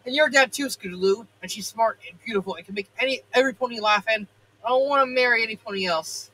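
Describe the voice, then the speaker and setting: Brief: man voicing a tearful, stubborn little pony girl; high, breathy voice. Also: fast talker, sharp tone, full character voice, low-quality recording. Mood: upset. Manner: tearful, insistent and pleading. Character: heartbroken young pony filly with a crush.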